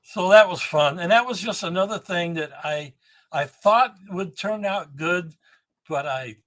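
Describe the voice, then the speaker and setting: A man in his seventies, a guest on a podcast, telling rambling, animated anecdotes about engine building and often restarting his sentences. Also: sits high, measured pace. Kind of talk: storytelling podcast interview.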